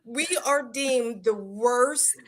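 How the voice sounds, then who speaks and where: A woman from Pittsburgh with a Pittsburgh accent, chatting casually on a live stream in an animated way. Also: fairly high pitch, slow.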